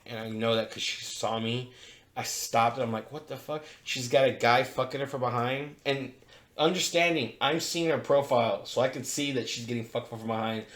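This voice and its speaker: A man spinning a long anecdote for his podcast co-hosts, cursing freely and jumping back to fix details. His voice sits at an ordinary pitch. The room around him rings with a noticeable echo. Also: normal speed. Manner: profane, animated storyteller. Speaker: podcast co-host. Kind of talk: casual storytelling. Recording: roomy echo.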